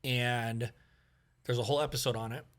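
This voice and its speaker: A man at a mid pitch tells a long family story on a podcast. He keeps it casual and animated, with fillers and restarts throughout. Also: normal speed. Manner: animated, acts out quoted dialogue, many fillers. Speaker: podcast guest.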